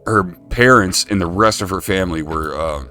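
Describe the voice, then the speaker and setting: Casting: very low-voiced American male host, loose rambling chat, light music under. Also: moderate pace, sharp tone. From United States. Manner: rambling, laid-back, swears casually. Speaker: stream show host. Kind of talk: casual streamed chat.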